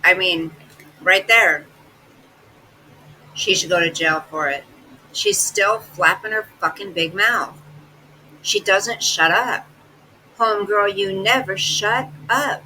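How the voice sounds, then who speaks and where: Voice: medium pitch, slow, pauses often, bright, forceful tone, slight background noise, rough recording. A host giving scornful, sarcastic reaction commentary between clips.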